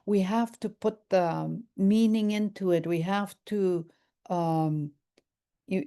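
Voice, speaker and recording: An older woman leads a language class, speaking very slowly and with patience. She says each phrase several times so learners can follow. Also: lowish voice, mellow. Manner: slow, patient, repeats phrases aloud. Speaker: language teacher. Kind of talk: language lesson.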